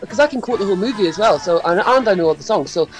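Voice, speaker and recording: A woman's voice: mid-range voice, animated, racing, over music, rough recording. Giggly swearing woman telling stories. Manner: giggly storyteller, swears a lot. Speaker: podcast co-host. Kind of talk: casual chat.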